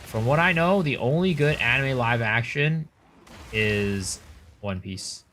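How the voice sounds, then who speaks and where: Man, game streamer, casual chat, blunt and opinionated, animated pitch. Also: slow, a little hiss or hum. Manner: loose and opinionated, swears, answers chat. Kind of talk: casual livestream chat while gaming.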